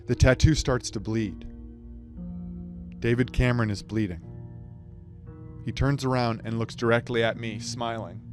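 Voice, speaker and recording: This is a man giving an absurd, rambling comic speech, delivered dryly and deadpan. He stumbles and breaks off for quick asides. Faint music plays behind him. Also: medium pitch. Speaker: speech contestant. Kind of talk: surreal comic monologue.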